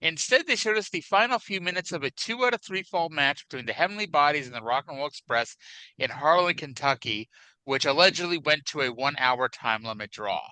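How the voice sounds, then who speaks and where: A man's voice: fairly high pitch, lively intonation, a little fast, bright, forceful tone, no room sound, rough recording. A man co-hosting a wrestling podcast in casual chat, wry and chatty with hedging asides, on a close mic. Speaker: podcast co-host.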